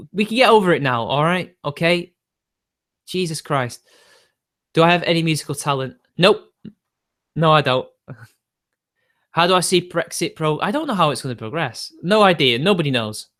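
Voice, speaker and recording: A man live-streaming and answering his chat in a rambling way, quickly getting riled and swearing. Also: on the high side, lively intonation, fairly bright tone.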